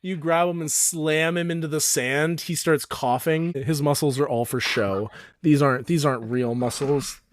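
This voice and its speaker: A man narrating and ruling as dungeon master of a tabletop game, animated and quick in bursts. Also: fairly high pitch, a little hiss or hum.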